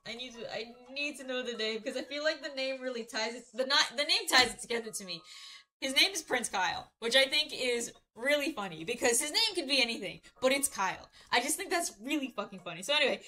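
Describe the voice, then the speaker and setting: A woman's voice: fairly high pitch, sharp tone, low-quality recording. A young woman streamer chatting while doing a craft, rambling through a story, swearing freely and laughing at her own telling. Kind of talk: casual chat while crafting.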